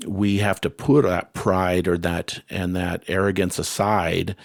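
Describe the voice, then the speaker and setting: Deep-voiced man hosting a casual talk. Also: no room sound, studio quality. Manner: rambling, many restarts and fillers. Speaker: host. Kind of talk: casual conversation.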